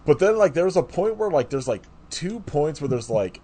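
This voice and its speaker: A man co-hosting a podcast rambles casually about a movie, his talk full of "like" fillers and restarts. His voice is on the high side, very animated and warm with slight roughness, at a moderate pace.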